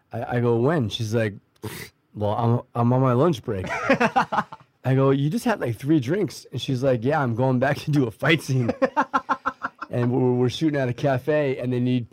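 In a dry recording, a middle-aged man with a mid-range voice tells his life story as a guest at a normal pace. He meanders, restarts, leans on fillers and imitates the people he quotes.

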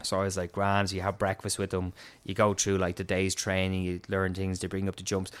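Young Irish man, casual storyteller, slightly low and smooth voice, swears and laughs a lot. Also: monotone, fairly quick. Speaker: guest telling a story. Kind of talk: casual chat.

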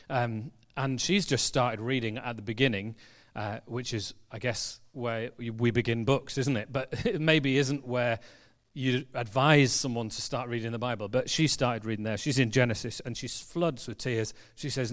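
A man, a church pastor, preaching a sermon in a relaxed, conversational storytelling manner, with fillers and restarts, in a church hall. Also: mid-range voice, moderate pace.

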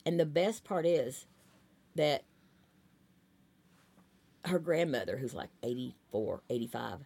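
Chatty low-voiced woman. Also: expressive, slow, mellow, breathy edge. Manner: chatty, rambling anecdotes with many fillers. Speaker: talent agent, guest. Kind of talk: casual storytelling interview.

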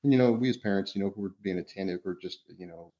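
Deep-voiced man, rambling podcast talk. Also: rapid-fire, warm tone. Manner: rambling, many fillers and restarts. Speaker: podcast co-host. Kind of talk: casual podcast discussion. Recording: dull lo-fi sound.

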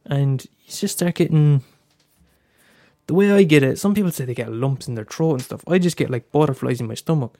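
A man's voice: on the high side, a little fast, warm tone, no echo, studio quality. A young Irish man hosting a casual solo podcast, talking candidly with frequent swearing and stammered restarts. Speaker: podcast host.

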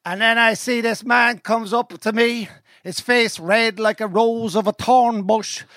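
Irish guy doing a cavan pub band singer, high and drawn out, dead serious. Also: steady tone, measured pace, pushed and bright, dry recording, studio quality, heavily acted. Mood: solemn. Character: earnest male small-town cover band singer.

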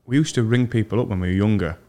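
A young man hosting a casual podcast, telling animated stories and mimicking voices. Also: on the low side, fast talker. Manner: animated storyteller, mimics voices in his anecdotes. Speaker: podcast host. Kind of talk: casual chat, storytelling.

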